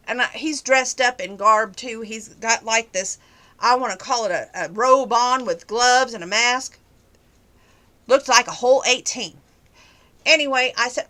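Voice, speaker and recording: Bright, lively woman telling stories. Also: a little high, moderate pace. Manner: animated, sarcastic, chatty. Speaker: vlogger. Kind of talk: casual storytelling to camera.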